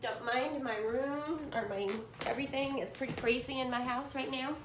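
Her voice sits high and her speed is normal as this middle-aged woman unboxes swap yarn, gushing and excitable, chatting with viewers like friends. The casual unboxing talk comes from a cluttered room at home, with echoey acoustics and background noise.

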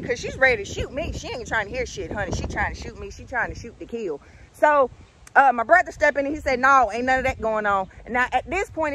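A woman in her thirties telling a story in a casual vlog outdoors, animated and profane, calling viewers honey and y'all. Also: sits high, background noise. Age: 30s.

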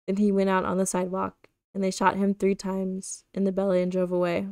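Gravelly-voiced woman reading a novel aloud. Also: mid-range voice, monotone, a little fast, warm tone, dry recording, clean studio sound. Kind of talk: live-streamed book reading.

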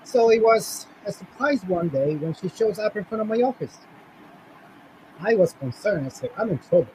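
A man's voice: high voice, animated, moderate pace, darkish tone, slight background noise, poor audio. Emphatic male career coach giving a talk. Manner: storytelling, emphatic repetition. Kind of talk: conference talk with slides.

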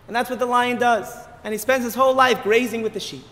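A man giving an animated sermon as a rabbi, telling a story with emphatic repetition. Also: very high voice, fast, big-room sound. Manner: animated, emphatic, repeats words as he builds. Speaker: rabbi giving a short lecture.

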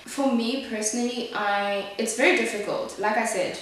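A woman's voice: fairly high pitch, steady tone, moderate pace, fairly bright tone, slight background noise. A young woman from South Africa chatting frankly while doing her makeup, her voice rising sharply when she gets upset. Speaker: beauty vlogger. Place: small echoey room. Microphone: camera mic at a distance. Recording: echoey room, distant mic.

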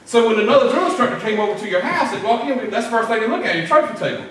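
A man's voice: high voice, expressive, very fast, fairly bright tone, a little hiss or hum. A middle-aged man preaching a sermon, telling folksy stories and doing drill-sergeant impressions. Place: church sanctuary. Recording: echoey church from far off.

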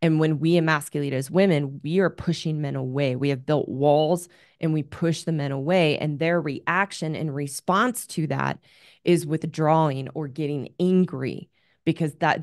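Woman relationship coach, low voice, earnest advice monologue, dry close sound. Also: a little mellow, no echo.

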